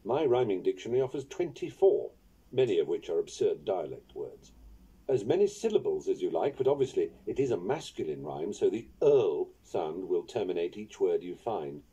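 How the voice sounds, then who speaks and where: A man narrates his own guide to poetry with a wry, playful touch, his voice very dark and mellow. His pitch rises and falls in lively swoops as he savours each word. The audiobook recording sounds dull and lo-fi. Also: moderate pace, husky. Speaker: author reading his own book on poetry. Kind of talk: audiobook narration of an instructional book.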